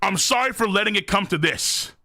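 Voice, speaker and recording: Excitable high-voiced man streaming a reaction. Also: a little fast, dry recording, clean studio sound. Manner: excitable, swears often, shouts and cries out at big moments. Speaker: streamer reacting to a manga chapter. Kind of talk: live reaction stream, reading aloud.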